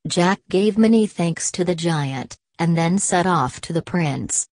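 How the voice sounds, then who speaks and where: A woman narrating a bedtime audiobook in a slow, soothing, even reading. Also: fairly low pitch, no room sound.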